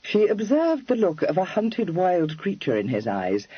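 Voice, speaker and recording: A male audiobook narrator reads in a measured way, with a lively, fairly high voice that carries a husky edge. The recording is dry and close, with a slightly dull sound. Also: no echo. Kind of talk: scripted narration.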